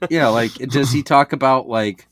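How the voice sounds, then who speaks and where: A man's voice: medium pitch, fairly even intonation, measured pace, fairly bright tone. A man co-hosting a casual comedy podcast, giggling and playful as he talks. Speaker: podcast co-host.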